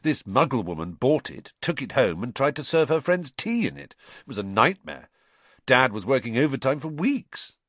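Man doing a teen wizard boy telling a story, lively pitch, dry close mic. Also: moderate pace, no echo. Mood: chatty. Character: gangly teenage boy wizard, chatty youngest son.

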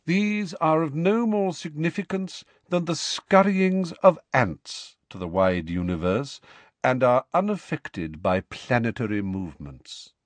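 A man voicing a calm, aloof male centaur teacher who speaks in a measured, quietly disdainful way. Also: on the high side, no room sound, voice pushed up.

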